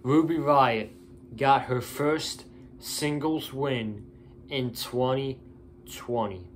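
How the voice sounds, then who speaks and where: A man's voice: medium pitch, extremely slow, a little hiss or hum. A tired man giving a casual, opinionated wrestling show review, blunt and ranting.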